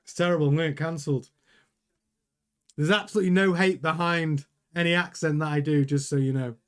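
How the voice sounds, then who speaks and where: A man with a somewhat high voice runs a casual live watchalong stream. He chats loosely with his viewers, rambling and cutting himself off to restart sentences as he reacts to the action. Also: fairly even intonation, fairly quick, clear, resonant tone. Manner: chatty, rambling, self-interrupting. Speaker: livestream host reading chat.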